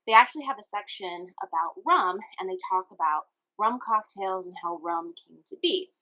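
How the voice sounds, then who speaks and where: This cooking show host, a young woman from Louisiana, has a clear, bright, mid-range voice and speaks at a normal speed. She mixes drinks in what sounds like a home kitchen, cheerfully chatting to the viewer in a relaxed cocktail demonstration. The recording is low quality.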